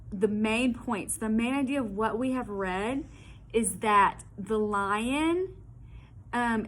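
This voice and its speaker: A woman's voice: medium pitch, slight background noise. A woman teacher summarizing a story for her class, explaining patiently with frequent hesitations.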